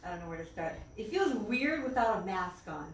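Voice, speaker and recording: A woman's voice: medium pitch, big pitch swings, fairly quick. A woman minister telling a personal story as a sermon, conversational, with fillers and light laughs. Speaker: church minister. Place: church hall. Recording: roomy hall, distant mic, faint noise.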